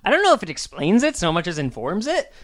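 A man co-hosting a comedy podcast, rambling and self-mocking with quick jokes in casual banter. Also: high voice, huge pitch swings. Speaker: podcast co-host.

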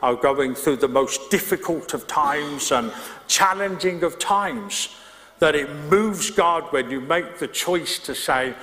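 A man's voice: fairly high pitch, slow pace, fairly bright tone. A middle-aged male pastor, preaching a sermon in a conversational way, with restarts and asides to the congregation. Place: church hall. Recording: reverberant church hall.

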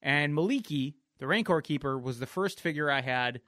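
A man's voice: a little high, moderate pace, dry recording, clean studio sound. A man co-hosting a podcast in casual chat, rambling and swearing often. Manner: profane, rambling, animated. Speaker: podcast co-host.

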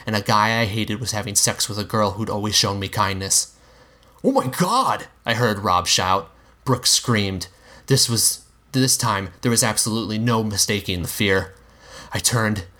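A man giving a measured, dramatic reading of a dark fan fiction story. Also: on the low side. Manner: measured, dramatic narration with acted dialogue. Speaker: story reader.

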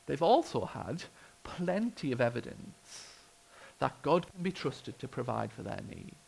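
A man's voice: medium pitch, very animated, a little slow, creaky, darkish tone, husky, rough recording. A British man preaching a sermon, telling the story with expression and wry humour. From United Kingdom.

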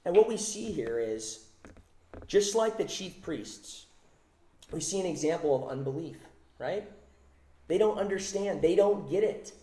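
Male pastor, mellow voice slightly high, emphatic sermon delivery, roomy echo. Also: animated, measured pace, pauses often. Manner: emphatic, repeats phrases for stress.

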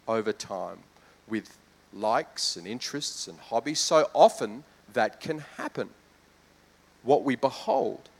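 A man's voice: on the high side, fairly bright tone. A man, a pastor with children, preaching a sermon in a conversational way that builds to fervent emphasis. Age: adult with children.

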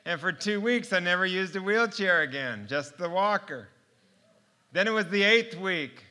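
Bright-voiced man giving a testimony. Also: high voice, normal speed. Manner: storytelling, heartfelt, animated. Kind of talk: personal testimony sermon.

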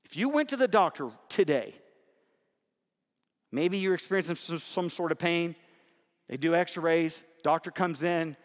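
In a reverberant church sanctuary, a preacher with a slightly high voice speaks at a measured pace and pauses often. His sermon is conversational, alternating gentle asides with lines he repeats emphatically.

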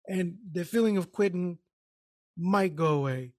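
A man's high voice moves fairly quickly as he, a podcast co-host, tells a work story in casual chat, swearing and animatedly acting out what people said.

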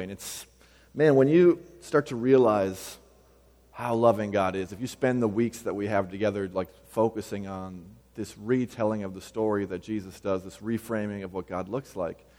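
Pastor, male, 30s, low voice, relaxed storytelling sermon in a reverberant hall. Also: moderate pace. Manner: conversational, personal storytelling with frequent fillers.

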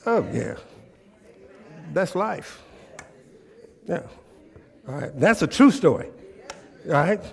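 A man's voice: a little high, slow pace, vocal fry, long pauses, slightly rough. A male preacher giving a sermon, speaking. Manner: call-and-response preaching, rising to loud animated storytelling.

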